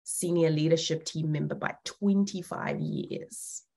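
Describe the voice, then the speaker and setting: A woman's voice: low voice, steady tone, measured pace, vocal fry, dark tone. A woman co-hosting a podcast in casual chat, blunt, swearing freely and laughing often. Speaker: podcast co-host.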